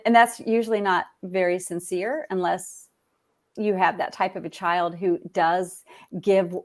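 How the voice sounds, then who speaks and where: A woman with a mid-range voice speaks as an author in a conversational interview. She is reflective and repeats key phrases for emphasis. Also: mid-range voice.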